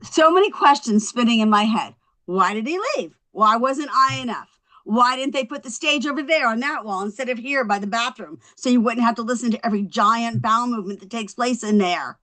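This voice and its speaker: An actress at a table read playing a tipsy young woman who rambles through stand-up after her husband left, full of quick self-mocking asides. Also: a little high, pushed and bright. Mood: rambling. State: a little drunk.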